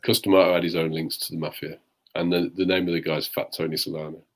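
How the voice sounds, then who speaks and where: Guy with a really deep voice just chatting, laid back, drops in little facts. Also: little pitch movement, quick pace. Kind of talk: casual chat on a live show.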